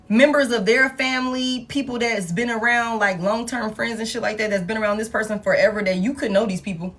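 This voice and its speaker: A woman, giving a live tarot reading in blunt, profane, animated street talk. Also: a little high, normal speed. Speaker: tarot reader.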